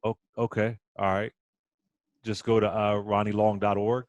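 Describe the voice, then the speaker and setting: A man's voice: lowish voice, level tone, moderate pace, dry recording, dull audio. A man hosting a talk radio interview, emotional and stammering as he speaks. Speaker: radio host.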